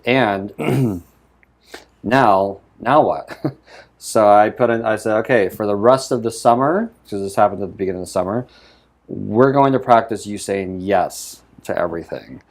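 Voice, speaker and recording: A man co-hosting a casual talk show, telling a reflective personal story and acting out the quoted dialogue. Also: lowish voice. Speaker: show co-host. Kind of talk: casual conversation.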